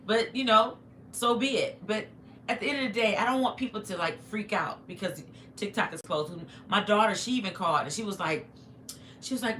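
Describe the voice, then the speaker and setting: Eating as she talks, a middle-aged livestream vlogger chats casually with viewers from home in a mid-range, fairly bright voice. Her intonation is lively and her pace moderate, with a phone recording in an echoey, faintly noisy room.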